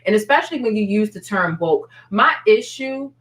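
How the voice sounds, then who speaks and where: A woman's voice: medium pitch, animated, normal speed, a bit bright, reverberant, recorded from a distance, rough recording. A woman hosting a live stream, chatting casually and talking straight to her viewers in a slangy, familiar way.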